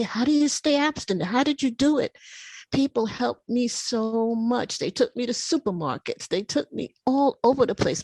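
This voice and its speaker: A woman in her seventies sharing her personal recovery story at a meeting, telling it in an animated, emotional way. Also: on the high side, dry recording. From United States. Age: 70s. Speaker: meeting speaker. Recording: video call audio.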